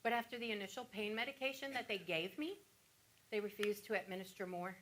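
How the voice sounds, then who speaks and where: An actress playing a wounded woman patient on stage who recalls cruel nurses, teary and halting with flashes of wry humor. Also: medium pitch, fairly bright tone, a little hiss or hum, close to an everyday voice. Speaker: stage actor playing a breast cancer patient. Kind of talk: theatrical monologue.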